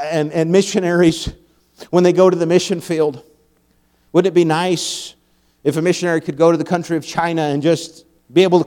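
Slightly high-voiced male preacher. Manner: storytelling, laughs often, builds to loud emphatic peaks. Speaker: pastor. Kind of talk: sermon.

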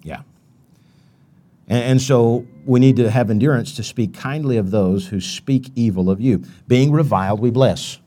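A man delivers a sermon in an easygoing, conversational manner. He quotes scripture and often backs up to restart his sentences. His voice sits at an ordinary middle pitch. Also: normal speed, dark tone. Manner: conversational preaching with many restarts, quoting Bible verses. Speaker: preacher.

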